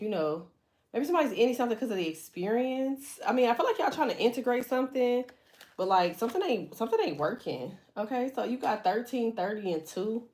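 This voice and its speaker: A woman's voice: medium pitch, a little mellow. Profane, chatty woman reading tarot. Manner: blunt, profane, chatty, laughs often. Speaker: tarot reader. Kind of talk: casual tarot reading monologue.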